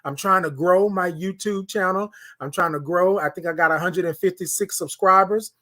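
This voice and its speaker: A man. He preaches affirmations, repeats himself for emphasis, and drops from loud calls to near-hushed tones. He sounds close to a phone or webcam mic. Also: high voice, moderate pace. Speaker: morning show host. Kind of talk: motivational live-stream talk.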